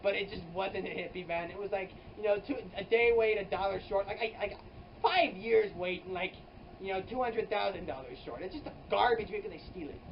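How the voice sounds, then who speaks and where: A rambling comic storyteller who piles up "like"s and restarts, with sudden exaggerated jumps in pitch and loudness. The voice is caught by a camera mic some distance away in a hot indoor room. The sound is dull, with a faint air-conditioner hum behind it. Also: brisk. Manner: rambling, filler-heavy, with frequent "like" and restarts. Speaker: comedy vlogger.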